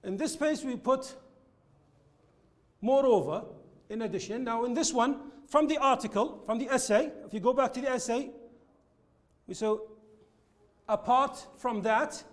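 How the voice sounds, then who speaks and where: A man teaching an English lesson, explaining linking words slowly and repeating his examples. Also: very high-pitched. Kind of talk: classroom lesson with slides.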